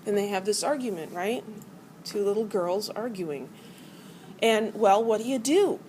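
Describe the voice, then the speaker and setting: A woman's voice: mid-range voice, lively intonation, a little slow, warm tone, a little hiss or hum, low-quality recording. A middle-aged woman teaching a college chemistry class, explaining ideas by acting out atoms as arguing characters. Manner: playful, acts out atoms as characters. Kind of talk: classroom lecture.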